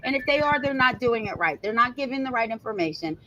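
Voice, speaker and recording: A woman's voice: a little high, expressive, quick pace, sharp tone, muffled recording. A woman co-hosting a podcast, talking in an irritated, emphatic way and often asking "right?". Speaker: podcast co-host. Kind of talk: casual podcast talk.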